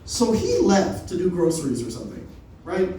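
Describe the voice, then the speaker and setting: A man's voice: high-pitched, huge pitch swings, normal speed, dark tone, slight background noise. A young man doing a loose, unrehearsed stand-up set, telling stories with lots of swearing and laughs. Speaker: stand-up comic. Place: comedy open mic room. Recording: echoey room from far off.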